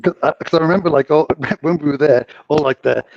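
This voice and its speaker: A man's voice: fairly high pitch, quick pace, creaky, no echo. A man co-hosting a casual podcast, rambling through stories with lots of fillers and frequent laughter. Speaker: podcast co-host, former cruise ship casino dealer. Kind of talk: casual chat, storytelling. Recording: dull lo-fi audio.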